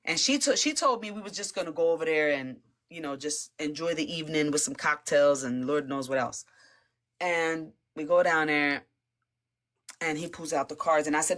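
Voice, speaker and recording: A woman guest telling a personal faith testimony in a casual, animated way, often laughing and repeating words as she talks. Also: sits low, moderate pace. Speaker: interview guest giving testimony.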